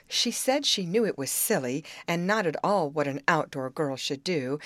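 Low-voiced woman reading a novel aloud. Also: a bit bright, no room sound. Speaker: audiobook reader. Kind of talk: scripted narration.

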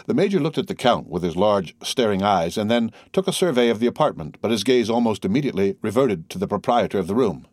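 Low-voiced male audiobook narrator. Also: no echo. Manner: even, measured storytelling. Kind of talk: scripted narration.

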